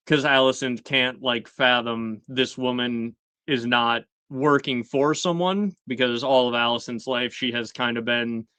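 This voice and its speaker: A man's voice: mid-range voice, pushed and bright, clean tone, no room sound. A man hosting a casual recap chat, rambling with many fillers and acting out quoted lines in shifting voices. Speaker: host recapping a TV episode.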